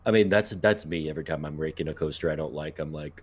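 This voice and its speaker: A man's voice: a bass voice, fairly quick, breathy edge. A man co-hosting a casual podcast, laid-back and swearing now and then, trailing off with ums. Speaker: podcast co-host.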